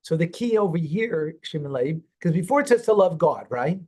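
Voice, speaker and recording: A man with a fairly high voice, a rabbi leading a text study class. He reads verses aloud, gives their meaning, and presses his student with questions before he explains. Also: lively intonation, normal speed, a little mellow. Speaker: rabbi teaching a Torah class.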